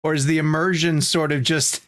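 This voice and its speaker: A man's voice: on the high side, flat delivery, a little fast, a bit bright. A man co-hosting a film podcast, asking a question hesitantly with a laugh. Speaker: podcast host. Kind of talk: podcast interview.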